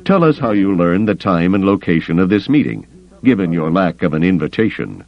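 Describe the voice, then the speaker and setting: A man voicing a calm, wry male smuggler in a measured way. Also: low voice, muffled recording.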